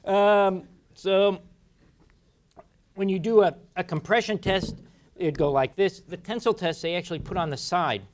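A man's voice: sits high, expressive, brisk, a little hiss or hum. A middle-aged man giving a university lecture in a casual, chatty way, with frequent restarts and laughter. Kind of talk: classroom lecture. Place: lecture hall.

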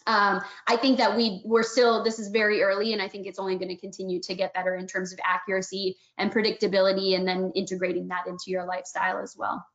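A woman answers webinar questions as a panel expert, laying out her points fluently and at length. Her voice comes through dull and lo-fi, as over a call, at a middling pitch. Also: completely flat delivery, quick pace, hardly any pauses, a bit bright. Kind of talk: online webinar Q&A.

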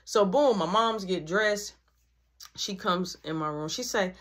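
A woman's voice: mid-range voice, a little slow. A woman telling a comedic story in slangy, casual speech and acting out each character. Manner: animated, slangy, acts out every character.

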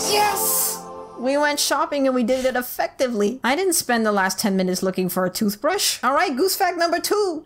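A young woman with a fairly high voice gives playful let's play commentary, teasing the game's characters and breaking into pleading squeals. Faint music plays underneath. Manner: silly, talks to game characters as the goose, pleading and squealing.

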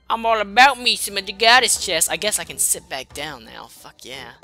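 A woman's voice: mid-range voice, animated, moderate pace, few pauses, bright, forceful tone, faint music behind. A woman giving casual, profane gameplay commentary, muttering and sarcastic as she plays. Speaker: let's play host.

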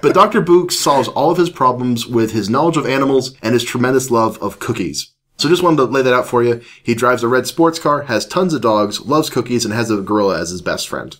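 A young male podcast host reads a children's storybook aloud between casual chat. His pitch swings widely and expressively, and he chuckles through the funny parts. The delivery is animated and relaxed. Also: brisk, few pauses. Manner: animated, chuckles while reading.

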